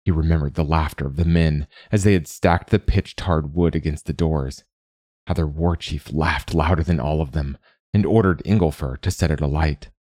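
Male narrator for a fantasy storybook: low, steady, measured, dry close-mic sound. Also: no room sound.

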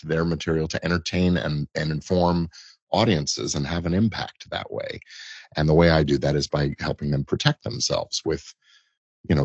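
A man's voice: a bass voice, breathy edge, no echo, highs cut off. A middle-aged man, an entertainment lawyer, explaining things thoughtfully as an interview guest, often restarting phrases. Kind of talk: conversational interview answers.

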